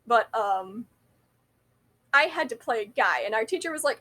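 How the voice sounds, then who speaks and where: Young woman vlogging, kinda high voice, rambly, keeps correcting herself. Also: lively intonation, normal speed, pauses often, sharp tone. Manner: rambling and digressive, with frequent self-corrections; chatty and self-deprecating. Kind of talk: casual storytelling to camera.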